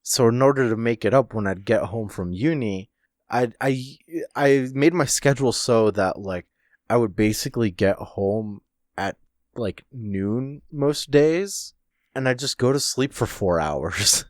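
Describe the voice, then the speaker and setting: A young man chatting on a podcast, slow-talking and swearing freely as he rambles. His pitch swings widely. The sound is dry and close. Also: animated, no room sound. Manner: laid-back, swears freely, trails off and restarts. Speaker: podcast co-host. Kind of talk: casual chat.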